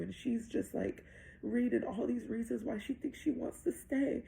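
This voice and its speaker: A woman's voice: fairly high pitch, lively intonation, normal speed, gravelly, dark tone. A woman, a mother, earnestly retelling a vivid dream in a breathless way and acting out the dialogue. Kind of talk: emotional personal testimony.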